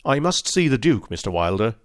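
A man voicing a cold, inexorable male detective who speaks calmly, precisely and insistently. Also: mid-range voice, fairly quick, no room sound, clean studio sound, natural voice. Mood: cool.

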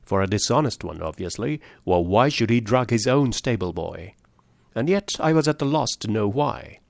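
A man reading a story aloud, voicing a shrewd male detective who lays out his deductions in a measured, precise way. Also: lowish voice, expressive, creaky, no room sound. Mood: explaining.

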